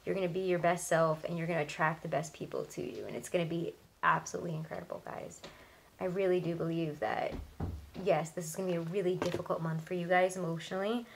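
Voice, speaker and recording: A young woman with a lowish voice chats her way through a tarot reading, reassuring her viewers and filling pauses with ums and likes. A faint hiss sits under the recording. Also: vocal fry, rough recording. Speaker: tarot reader.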